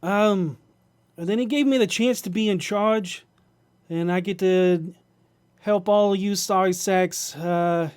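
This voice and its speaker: A man's voice: high voice, a little mellow, clean tone. A man voicing a foul-mouthed male goblin who used to be a thief, with a grating, nasal voice and a crude, swaggering manner.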